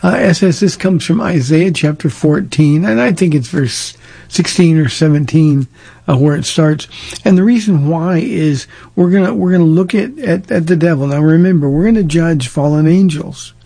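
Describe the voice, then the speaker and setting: A Southern California pastor with a somewhat higher, gravelly voice that sounds dark and husky, speaking at a moderate pace. He answers listener questions plainly and directly in casual call-in advice talk, drawing on stories from his life.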